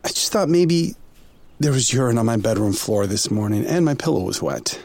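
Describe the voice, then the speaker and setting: A man's voice: mid-range voice, lively intonation, moderate pace, gravelly, darkish tone, no echo. An actor playing a weary widowed father of two girls, with a dry, sardonic way of talking, in an audio drama. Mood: awkward.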